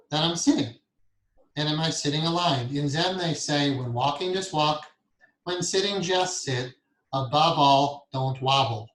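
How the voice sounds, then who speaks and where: A man teaching a guided meditation lesson, talking calmly and softly and chuckling often as he explains and counts breaths. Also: on the high side. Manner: calm, soft-spoken, chuckles often. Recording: echoey room.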